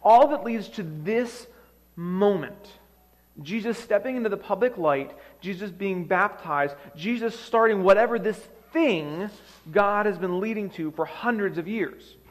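A man preaching a sermon as pastor, telling the story dramatically with shifting loudness, in a church sanctuary. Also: high-pitched, measured pace. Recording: long reverb of a large hall.

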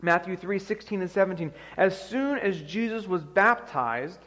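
A man preaching a sermon as pastor, telling the story dramatically with shifting loudness, in a church sanctuary. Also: high-pitched, normal speed. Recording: long reverb of a large hall.

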